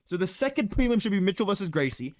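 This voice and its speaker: A man's voice: sits high, sing-song, quick pace, dry recording, clean studio sound. A man co-hosting a casual sports reaction chat, heated and profane as he rants. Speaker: podcast co-host.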